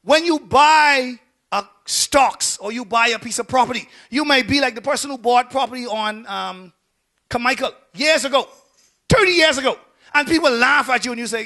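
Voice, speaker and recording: A pastor delivers his sermon in a strikingly high voice with a sharp, bright edge. He shouts his big points, then sinks to quiet, low asides. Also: normal speed. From Bahamas.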